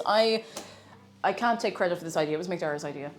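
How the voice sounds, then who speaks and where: A young Irish woman live-streams from her home kitchen while she cooks, chatty and giggly, reading her chat aloud. Her lowish voice moves at a moderate pace with long pauses, and faint music plays behind her.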